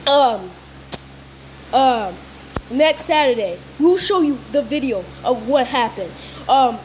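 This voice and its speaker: A woman telling viewers a wild story in an excited, rambling way, repeating herself and filling pauses with lots of ums. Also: high-pitched, slight background noise. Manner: breathless, repetitive, lots of fillers and restarts. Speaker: vlogger.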